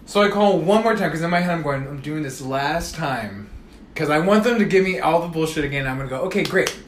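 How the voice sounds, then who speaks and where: A man's voice: on the high side, animated, brisk, roomy sound, a little hiss or hum. A man telling a long story in casual chat, swearing freely and acting out both sides of phone calls. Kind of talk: casual storytelling among friends.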